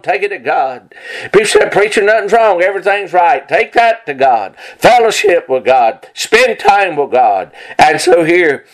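A man delivers a sermon in a somewhat high voice. He reads scripture aloud, then presses his points home by repeating them. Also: rough recording. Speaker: preacher.

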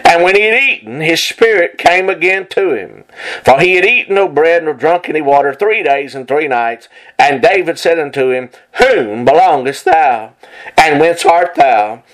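A man's voice: on the high side, lively intonation, moderate pace, fairly bright tone, rough recording. A man preaching a sermon, reading scripture aloud and driving points home with repetition.

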